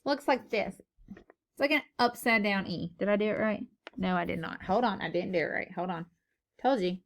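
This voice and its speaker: A woman's voice: mid-range voice, normal speed. A woman teacher recording a phonics lesson for young children, playful and sing-song, repeating words for emphasis, on a camera mic.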